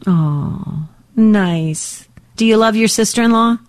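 An older woman hosting a Catholic call-in radio program, talking in a warm, emotional way with many fillers and restarts. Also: medium pitch, slow.

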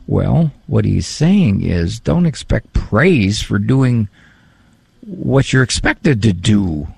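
A male psychologist giving a talk on parenting and faith, animated and joking in a conversational way. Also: medium pitch, slow pace, gravelly, slightly rough, dry recording.

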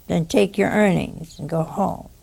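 Older lady preaching slow, gravelly voice, teasing the listeners and doing the voices in her stories. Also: fairly low pitch. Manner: teasing, animated storytelling with quoted voices. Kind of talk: sermon with storytelling.

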